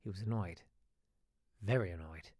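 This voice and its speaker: A man's voice: sits low, normal speed, a little mellow, no echo, studio quality. A man hosting a live show, chatting casually, reading listener emails and telling stories with asides and restarts. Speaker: host.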